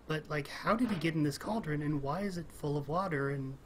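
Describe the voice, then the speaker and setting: A casual gamer talking through a frustrating climbing game, rambling and thinking out loud, often breaking into small laughs and sudden exclamations. The voice sits at an ordinary middle pitch. A clear, steady hiss runs under the recording from a home desk mic. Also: a little fast. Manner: chatty, thinks aloud, rambles, frequent little laughs and exclamations. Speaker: let's play gamer.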